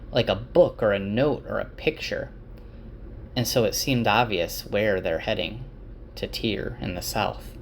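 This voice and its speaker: A man casually summarizing book chapters, relaxed and conversational with filler words. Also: lowish voice, a little hiss or hum. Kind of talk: casual chapter summary with read-aloud passages.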